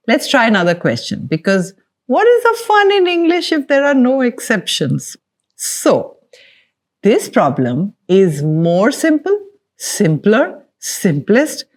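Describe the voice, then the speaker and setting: A woman's voice: medium pitch, darkish tone. A young woman teaching an exam-prep English grammar lesson, playful and encouraging, stretching key words for emphasis.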